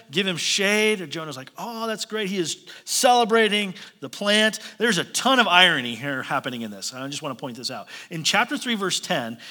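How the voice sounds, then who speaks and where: Male pastor, high and bright voice, animated sarcastic storyteller. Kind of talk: sermon.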